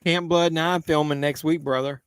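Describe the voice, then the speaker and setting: A man's voice: a little high, steady tone, normal speed, clean tone, no echo. A man hosting a live movie watch-along, making casual commentary full of crude jokes. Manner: crude joking banter. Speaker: live-stream host.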